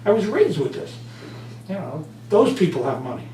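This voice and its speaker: A man with a higher-pitched voice speaks at a moderate pace as the guest in a conversational interview. He's an author and motivational speaker and an animated storyteller who acts out quotes vividly. The mic is distant, so the sound is roomy, with a faint hum.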